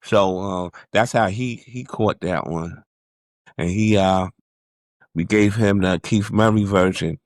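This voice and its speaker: A man from New York, a music producer guest, calmly recalling stories in a casual interview. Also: lowish voice, takes it slowly, no room sound, studio quality. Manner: laid-back, reflective recollection.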